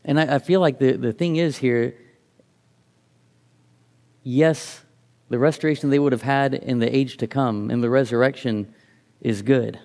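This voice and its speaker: A man's voice: mid-range voice, fairly even intonation, measured pace, vocal fry, long pauses, darkish tone. A middle-aged man giving a reflective sermon, reading scripture aloud and often restarting his phrases. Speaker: preacher.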